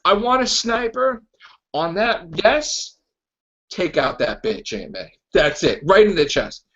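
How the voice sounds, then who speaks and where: A man voicing a scheming male crime boss who gives offhand, breezy orders, in a high put-on voice on a muffled recording. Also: animated, takes it slowly, a bit bright, exaggerated voice. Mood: smug.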